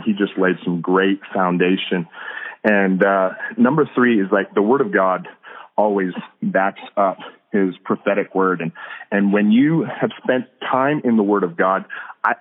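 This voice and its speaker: A man talking earnestly as a podcast guest about hearing God, with frequent restarts and fillers. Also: fairly low pitch. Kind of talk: casual faith talk. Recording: tinny phone-like line.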